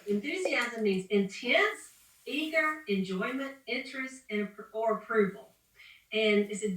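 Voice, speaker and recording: A woman with a slightly high, sharp-toned voice leads a motivational sales training call as the team leader, sounding upbeat, preachy and rambling. She's recorded in an echoey room, far from the mic.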